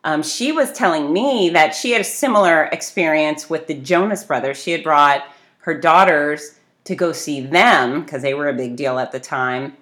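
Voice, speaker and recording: A woman telling a casual, self-deprecating story, lively and animated, acting out people in it with big jumps in pitch. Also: moderate pace. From grew up on the beach. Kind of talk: casual anecdote.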